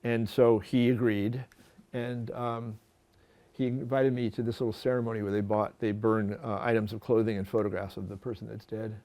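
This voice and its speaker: A man's voice: fairly low pitch, level tone, normal speed, warm tone. A man, a photographer, telling a long personal story in a talk, often stopping and repeating words as he acts out dialogue. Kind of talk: storytelling lecture with slides.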